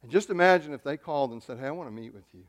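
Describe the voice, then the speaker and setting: A man preaching a sermon, excitable and emphatic, often repeating words and swinging between loud stresses and quiet asides. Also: medium pitch, rapid-fire. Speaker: pastor.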